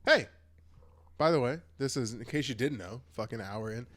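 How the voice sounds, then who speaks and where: A man co-hosting a comedy podcast, talking in casual banter with loud laughing punchlines. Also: medium pitch, lively intonation, normal speed. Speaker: podcast co-host.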